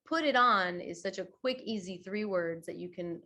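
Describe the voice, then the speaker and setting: A woman yoga teacher talking in a podcast interview, chatty and expressive, acting out quoted voices with big swings. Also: medium pitch, moderate pace. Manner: chatty, many fillers like "you know" and "right". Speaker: guest yoga teacher and teacher trainer.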